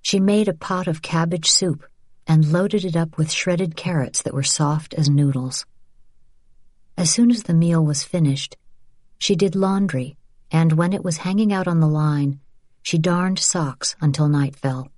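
A woman with a notably low voice reads an audiobook. Her narration is measured and even. The recording is dry and close, with no room sound. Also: no echo. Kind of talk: scripted narration.

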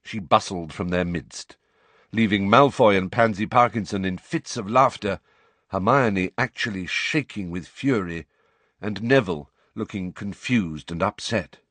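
A man narrating a novel with expressive, dramatic delivery. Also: lowish voice, unhurried, no echo. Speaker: audiobook narrator.

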